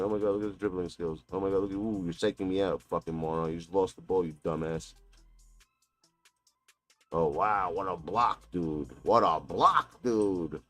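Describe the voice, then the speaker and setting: Low-voiced man trash-talking mid-game. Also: dry recording. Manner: taunting, mocking, profane. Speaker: gaming streamer. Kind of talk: live gameplay trash talk.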